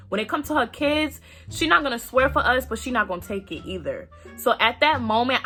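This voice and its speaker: Bright-voiced young woman telling a story. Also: mid-range voice. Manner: animated, profane, addresses viewers directly; acts out quoted voices. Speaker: storytime vlogger. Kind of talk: casual storytelling to camera.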